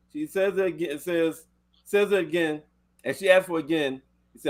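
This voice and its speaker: A man's voice: sits high, moderate pace, long pauses. A man hosting a casual podcast chat, retelling a video in a loose, rambling way. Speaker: podcast host.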